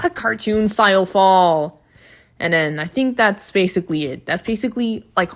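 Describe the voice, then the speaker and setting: A woman giving a casual, chatty recap of a cartoon episode, with blunt, profane reactions. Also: lowish voice. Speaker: video reviewer.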